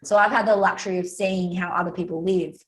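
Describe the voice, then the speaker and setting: A woman's voice: lowish voice, fairly even intonation, fast talker, rough recording. An Australian woman, a guest speaker and author, talking in a chatty, storytelling way on a podcast. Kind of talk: casual podcast interview.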